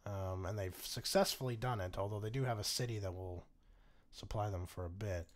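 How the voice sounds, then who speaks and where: A man's voice: lowish voice, a little fast. A man casually commentating a strategy game, wry and chuckling, swearing freely as he reacts. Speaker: gaming channel host.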